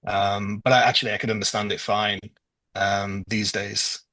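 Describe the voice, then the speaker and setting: A man from northwest England hosting a trivia quiz over a video call, going through the answers casually with frequent ums and pauses. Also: on the low side, level tone, bright, forceful tone, no room sound, low-quality recording. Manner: hesitant, lots of ums. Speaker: quiz host.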